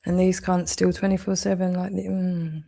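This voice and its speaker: A woman's voice: fairly low pitch, flat delivery, normal speed, vocal fry, mellow. A woman ranting furiously while reacting to a video, swearing and rambling. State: very angry. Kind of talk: angry reaction rant.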